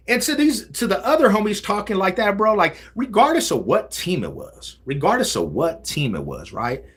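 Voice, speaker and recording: A man hosting a casual livestream, talking in animated street slang. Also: high-pitched, breathy edge. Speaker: livestream host.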